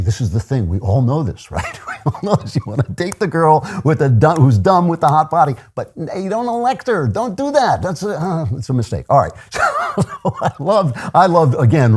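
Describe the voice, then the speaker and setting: Warm husky older male commentator. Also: medium pitch. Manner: sardonic, chuckling asides. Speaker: political commentary host. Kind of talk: opinionated monologue.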